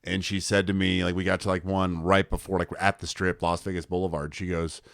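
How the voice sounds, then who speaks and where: Brief: young male podcast co-host, fairly low voice, dry close sound, loose storytelling with lots of fillers. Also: flat delivery, fairly quick, vocal fry, hardly any pauses, fairly bright tone, no echo. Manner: rambling, filler-heavy storytelling with acted quotes. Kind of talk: casual storytelling chat.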